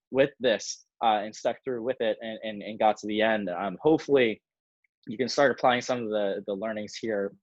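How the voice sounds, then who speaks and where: A man's voice: mid-range voice, no echo. A man hosting a casual video call discussion, speaking in an upbeat, encouraging way. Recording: dry, muffled lo-fi audio.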